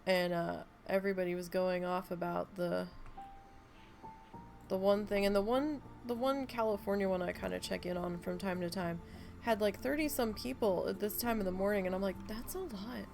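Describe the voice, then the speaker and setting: A woman's voice: mid-range voice, normal speed, vocal fry, a little mellow, faint music behind. A woman live-streaming a game, chatting casually and telling rambling stories with plenty of swearing. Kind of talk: casual live-stream chat while playing.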